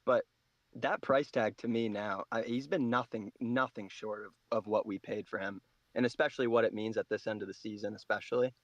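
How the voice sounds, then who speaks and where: A man from the United States calling into a football phone-in, enthusiastic but halting, with many restarts. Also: lowish voice, steady tone, no echo. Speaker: caller. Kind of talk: casual football chat. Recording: dull dry call-in audio.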